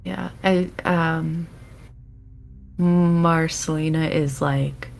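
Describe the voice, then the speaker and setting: Brief: female player, casual and hesitant, lowish gravelly voice. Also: moderate pace, fairly bright tone. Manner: chatty, hesitant, lots of fillers. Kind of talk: casual tabletop role-play.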